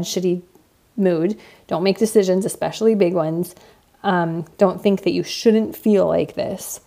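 Low, gravelly-voiced woman podcast host. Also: dark tone. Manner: candid and reflective, many fillers. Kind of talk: casual podcast monologue.

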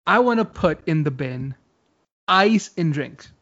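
A man's voice: a little high, animated, unhurried, a bit bright. Rambling man explaining, muffled sound. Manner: rambling, explains at length with many fillers. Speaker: podcast co-host. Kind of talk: casual chat.

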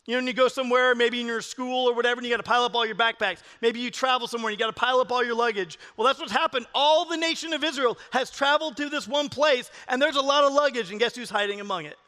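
A middle-aged man, a pastor, preaching a sermon with animated, jokey storytelling. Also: extremely high pitch, fast talker, clean tone, long reverb tail.

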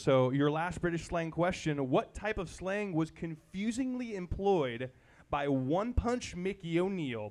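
Playful man hosting a live quiz. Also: on the high side. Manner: playful, rambling, loses track. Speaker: quiz show host. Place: live event venue.

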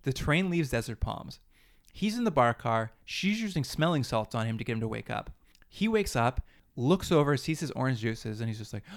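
A man in casual podcast chat, retelling a TV plot with animated, mocking asides. He slips in and out of the characters' lines with amused disbelief, his voice sitting in an ordinary middle register. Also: mid-range voice, moderate pace, vocal fry. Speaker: podcast co-host. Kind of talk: casual chat recapping a TV show.

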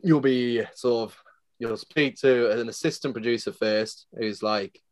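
A man's voice: medium pitch, a little slow, no echo. A man, a farmer guesting on a podcast, telling stories in casual chat with lots of swearing and laughter.

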